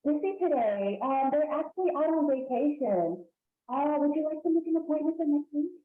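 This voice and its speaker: Woman doing a high, chirpy brush-off secretary; echoey, phone-thin audio. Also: lively intonation, moderate pace. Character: brisk, dismissive woman office secretary. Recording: echoey, tinny phone-like sound.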